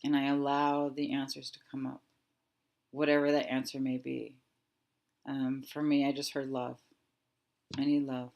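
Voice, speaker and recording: A woman in her thirties giving a guided reflective talk as a wellness coach, speaking softly and slowly with thoughtful pauses. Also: rumbling low, little pitch movement, creaky. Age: 30s. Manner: soft, slow and reflective, with pauses.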